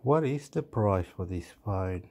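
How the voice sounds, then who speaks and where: A man who lives in Australia casually reviewing a phone, rambling and thinking aloud with many pauses. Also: low-pitched, lively intonation, dark tone. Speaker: vlogger.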